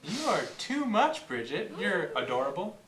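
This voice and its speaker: A man's voice: sits high, huge pitch swings, moderate pace, recorded from a distance, background noise. Showman-like male comedy host on a roomy stage. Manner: jokey, showman-like, earnest. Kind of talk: comedic talk show hosting.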